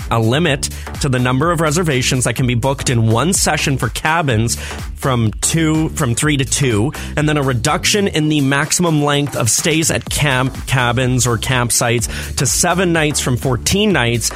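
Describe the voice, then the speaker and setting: A man's voice: mid-range voice, normal speed, soft background music. A man co-hosting morning radio, reading news items in a chatty, exasperated way. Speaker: radio morning show co-host.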